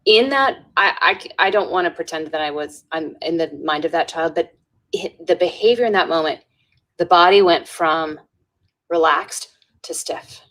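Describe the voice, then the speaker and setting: Low-voiced woman telling a story. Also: moderate pace, a bit bright. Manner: earnest, with frequent restarts and "right?" tags. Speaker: podcast guest, educator. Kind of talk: storytelling in a conversational interview.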